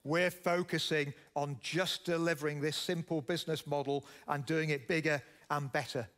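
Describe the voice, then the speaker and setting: Middle-aged Yorkshire man, keynote speaker, a touch high-voiced, storytelling and putting questions to the audience. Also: a bit bright. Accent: Yorkshire English. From Yorkshire, England. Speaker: keynote speaker, business founder. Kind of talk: keynote speech. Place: conference stage.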